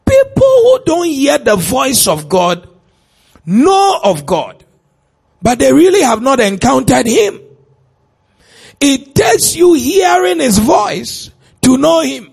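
Man preaching, high voice that swoops all over, slow and drawn out, shouts some lines and quizzes the crowd. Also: wildly swooping pitch, vocal fry. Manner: asks the congregation questions. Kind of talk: sermon.

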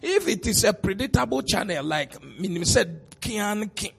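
A middle-aged man with a Ghanaian accent preaching a sermon as pastor, swinging between soft asides and shouted exclamations, laughing often. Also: high-pitched, big pitch swings, normal speed, creaky, breathy edge.

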